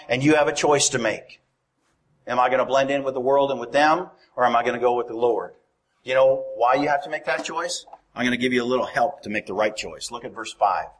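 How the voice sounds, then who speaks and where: A man's voice: a little high, a bit bright. A man preaching a sermon in a conversational way, often asking his congregation questions.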